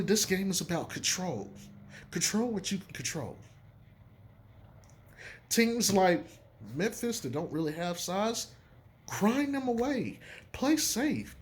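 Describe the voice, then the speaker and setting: A man giving casual basketball opinions in an emphatic, profane, animated way. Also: sits high. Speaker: sports commentator. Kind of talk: casual sports opinion talk.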